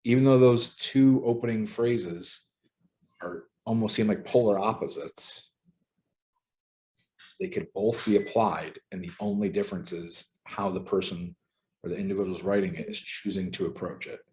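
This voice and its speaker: A man leading a casual book study group from home over a video call, relaxed and conversational with frequent ums. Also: sits low, moderate pace, slight background noise.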